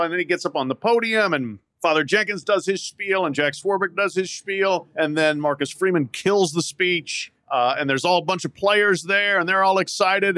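A man's voice: high-pitched, sharp tone, dry recording, clean studio sound. A man talking as a sports columnist guest on a podcast from an outdoor patio, chatty with many restarts and fillers. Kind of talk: casual sports podcast chat.

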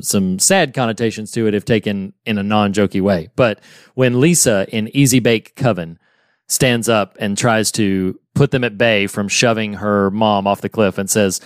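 A man co-hosting a podcast in casual chat, animated and laughing often as he retells scenes. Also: lowish voice, clear, resonant tone, no room sound, studio quality. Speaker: podcast co-host. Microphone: podcast microphone.

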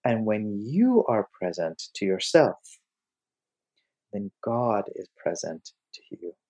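A man giving a lecture, telling a story in an animated way and acting out its scenes. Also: lowish voice, takes it slowly. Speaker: lecturer on mystic poetry.

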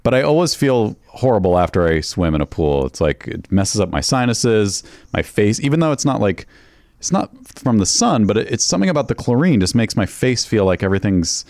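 A man's voice: on the low side, very animated, a little fast, a little mellow, no room sound, studio quality. A man co-hosting a podcast in casual chat, rambling and hesitant. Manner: rambling, hesitant, many restarts. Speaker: podcast co-host.

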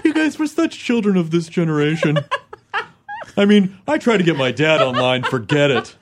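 Host type, man, somewhat high voice that swings a lot, joking. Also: sing-song, normal speed, background noise. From Kentucky and Tennessee, USA. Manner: playful, joking, asks questions. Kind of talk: casual chat.

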